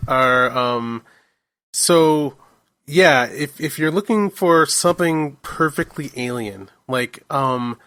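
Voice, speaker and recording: A man's voice: mid-range voice, slow pace, sharp tone, clean tone, no echo. A man hosting a casual podcast, rambling with eager enthusiasm and plenty of fillers. His voice sits mid-range and sounds dry and close, with little room sound. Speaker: podcast host.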